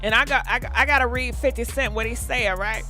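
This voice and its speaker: Sassy high-voiced woman gossip host. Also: a little fast, bright, forceful tone, soft background music. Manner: sassy, laughing, talks back at celebrities. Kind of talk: casual live gossip commentary.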